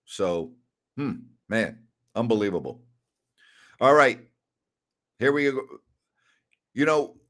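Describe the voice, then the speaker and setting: A man's voice: mid-range voice, fairly bright tone. Emphatic older man hosting sports talk. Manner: emphatic, rhetorical questions, ranting. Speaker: sports radio host. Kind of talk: solo sports talk, reading listener questions.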